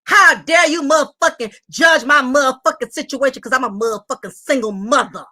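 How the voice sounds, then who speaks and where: A woman voicing a loud, furious single mother who shouts, curses and repeats herself while ranting defensively. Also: high-pitched, brisk. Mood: angry ranting. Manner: shouting, cursing, repetitive ranting. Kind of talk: comedic rant impression.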